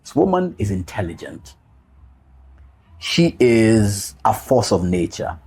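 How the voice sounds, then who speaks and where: A man's voice: lowish voice, very animated, slow, a little mellow, a little hiss or hum. A man speaking as a podcast guest, telling his story as a father in a heartfelt way, repeating key phrases and mixing casual slang with earnest reflection. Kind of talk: personal storytelling in a podcast interview.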